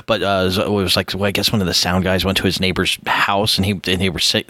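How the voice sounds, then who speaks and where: A middle-aged man chatting casually as co-host of a movie commentary, quick and laughing, rambling through his points. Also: sits low, level tone, sharp tone, dry recording.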